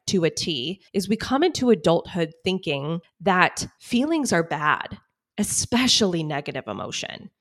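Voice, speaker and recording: Woman, 30s, solo podcast host, earnest, conversational, lowish pitch. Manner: earnest, conversational, says y'all and like.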